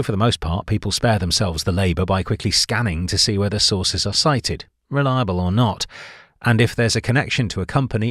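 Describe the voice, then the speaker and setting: A man with a fairly low voice narrates a nonfiction book summary, his pitch moving up and down a lot as he leans on key words. The delivery is clear and measured, recorded close and dry with no room sound. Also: fairly bright tone, no echo.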